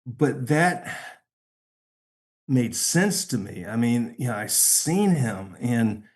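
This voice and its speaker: Halting, emotional man telling his story. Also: mid-range voice, big pitch swings, husky. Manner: halting, repeats words, emotional. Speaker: podcast guest. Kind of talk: personal storytelling.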